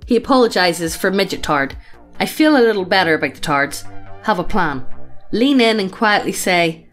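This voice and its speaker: A woman's voice: medium pitch, expressive, normal speed, a bit bright, faint music behind. A woman channel host casually reading a funny story aloud, swearing freely and breaking into laughter.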